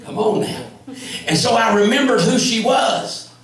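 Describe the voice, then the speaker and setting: A man with a Southern US accent preaching a testimony sermon, shouting and punctuating his story with "come on" and "amen.". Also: very high-pitched, measured pace. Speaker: evangelist preacher. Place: church sanctuary. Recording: echoey church from far off.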